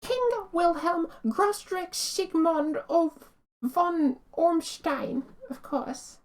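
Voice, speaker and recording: A woman's voice: high voice, big pitch swings, normal speed. A woman voicing an earnest, hesitant young man who is a lawyer in a game. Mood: puzzled.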